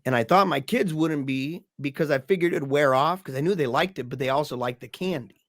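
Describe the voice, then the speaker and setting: A man's voice: on the high side, fairly quick, dry recording, studio quality. A man telling a story as a podcast guest. He talks in a casual way and acts out the voices of the people in his story.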